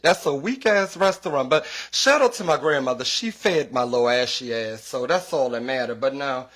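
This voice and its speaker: Animated, profane podcast host, man. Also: medium pitch, a little fast, few pauses. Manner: profane, animated storytelling with quoted voices. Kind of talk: casual comedic podcast rant.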